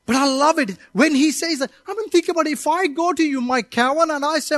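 A man preaching a sermon, his voice unusually high and very dry on a close mic. He is emphatic and keeps calling out to the congregation for answers. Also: moderate pace, a bit bright, no echo. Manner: emphatic, calls out to the congregation for responses. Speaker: pastor. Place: church service.

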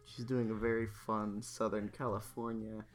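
A man's voice: lowish voice, flat delivery, normal speed, soft background music. A man co-hosting a podcast, adding wry asides and questions in casual movie chat. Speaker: podcast co-host.

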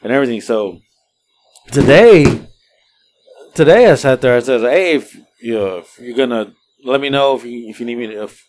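A middle-aged man sharing everyday stories on a casual podcast. He talks in a loose, relaxed way, often backing up and restarting his sentences. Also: medium pitch, normal speed, long pauses, a little hiss or hum. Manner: rambling, relaxed, restarts a lot. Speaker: podcast co-host. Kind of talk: casual storytelling chat.

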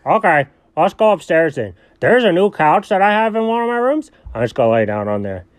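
A man's voice: high-pitched, brisk, dry recording. Easygoing goofy rich dog, played by a man; bouncy, rambling improv delivery, dry close mic. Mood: cheerful. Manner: lively, rambling, bemused. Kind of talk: improvised audio story.

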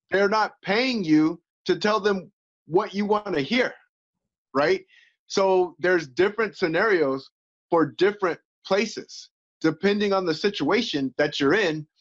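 A man who fights and coaches, talking candidly as an interview guest and acting out quoted voices with laughs. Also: high-pitched. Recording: slightly dull, lo-fi sound.

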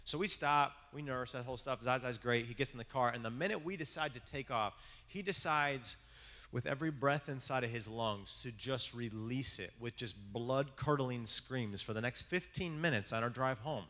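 A man's voice: medium pitch, moderate pace, bright, forceful tone, big-room sound. A man preaching a casual sermon, telling a family story in a rambling, self-mocking way with many restarts. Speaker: pastor. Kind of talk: conversational sermon.

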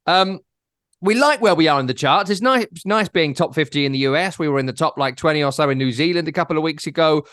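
Teasing man, higher voice. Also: fast, fairly bright tone, no room sound, clean studio sound. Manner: teasing, rambling, joking. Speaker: podcast host. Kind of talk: casual chat.

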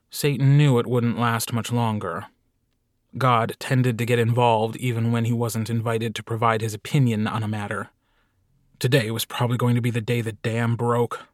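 A man narrating a comic short story audiobook in a wry, deadpan manner. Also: medium pitch, no room sound, clean studio sound. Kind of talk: scripted narration.

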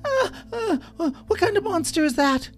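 Frightened small children from a bedtime story, played by a man. The voice jumps very high and squeaky. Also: lively intonation, normal speed, creaky, warm tone, heavily acted. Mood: scared.

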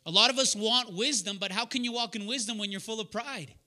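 Man, sermon, high voice, very bright and forceful, earnest personal storytelling. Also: a little fast. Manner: calls on listeners by name and asks them questions. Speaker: preacher leading a young adults Bible study.

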